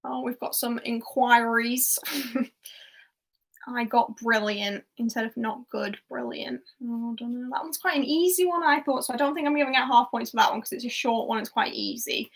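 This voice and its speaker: A chatty young woman hosts a quiz over a livestream, her voice sitting a little high. She reads out answers casually, with small laughs and asides. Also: normal speed, creaky. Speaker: pub quiz host.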